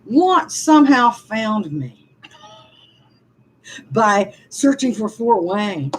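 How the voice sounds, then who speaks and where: A woman's voice: medium pitch, big pitch swings, very slow, slight background noise, poor audio. A woman, venting frankly to viewers on a casual livestream and answering their comments with laughing asides. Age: 60s. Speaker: livestream vlogger reading comments.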